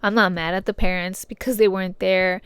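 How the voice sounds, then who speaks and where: A young woman gives heartfelt, casual advice to her listeners, talking loosely with slang, fillers and the odd curse. Her voice is very smooth and crisp. It sits at a middle pitch and is recorded close and dry. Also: steady tone, brisk, fairly bright tone, dry recording. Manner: slangy and fillers-heavy, addresses listeners as "my peeps"; earnest, encouraging, swears casually. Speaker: podcast host.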